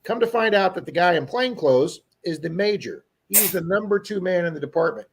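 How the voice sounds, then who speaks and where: A man co-hosting a livestream, telling an animated story to his viewers in a casual chat. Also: sits high, brisk, slight background noise. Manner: animated storyteller who acts out quoted people. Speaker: livestream co-host.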